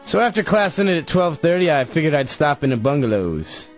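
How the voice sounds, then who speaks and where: A man's voice: fairly high pitch, very animated, fairly quick. A young man on a radio show reading his old diary aloud in a sloppy, laughing, drunken-sounding way. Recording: dull lo-fi radio broadcast with faint music.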